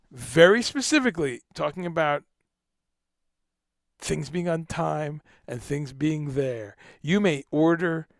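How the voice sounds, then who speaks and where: Joking guy hosting a livestream, gravelly voice sitting a bit high, totally dry close sound, cusses casually. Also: dry recording. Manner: animated, joking, swears casually. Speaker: livestream host.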